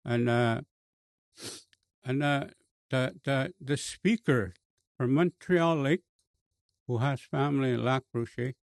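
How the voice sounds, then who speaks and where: A man with a Cree accent, a bishop telling a personal story in a slow, halting way with many fillers and restarts. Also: mid-range voice, creaky, dry recording. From Canada.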